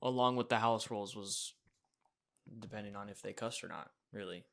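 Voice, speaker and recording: A young man guesting on a podcast, speaking quietly and hesitantly, his sentences trailing off. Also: fairly low pitch, normal speed, vocal fry. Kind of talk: casual podcast chat.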